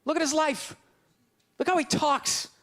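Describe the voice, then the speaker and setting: Speaking in a very high, fairly bright voice with fairly even intonation, this middle-aged Boston comedian takes his time as he rants brashly and mocks the audience. He's on a comedy stage with a handheld stage mic, and the live club recording carries crowd noise.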